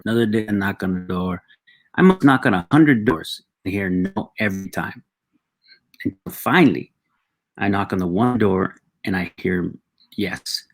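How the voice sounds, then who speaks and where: Man putting on a Mexican-accented wise father. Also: sits low. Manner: patient, fatherly advice. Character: wise Mexican-American father, a door-to-door salesman.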